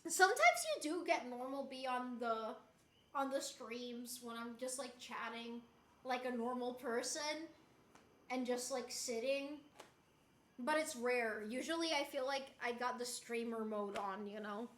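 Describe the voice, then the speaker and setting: A woman's voice: on the high side, unhurried, a little hiss or hum. A young adult woman streamer chatting candidly with her viewers, swearing freely and reading their comments aloud. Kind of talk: casual chat. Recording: roomy echo.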